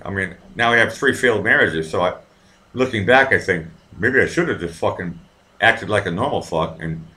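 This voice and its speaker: Profane, lively man rambling. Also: fairly low pitch, normal speed. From Boston, USA. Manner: profane, rambling storyteller with many fillers and restarts. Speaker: livestream host reading viewer comments. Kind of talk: casual live-stream chat.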